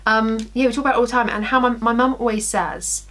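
A beauty vlogger in her twenties tells a story while doing her makeup, her voice on the high side and quick. She narrates animatedly, acting out quotes and laughing, with background noise behind her.

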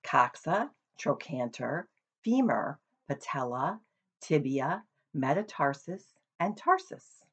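A woman voicing a calm, patient female spider in a storybook reading. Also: lowish voice, measured pace, breathy edge, exaggerated voice. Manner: calm, patient, gently instructive.

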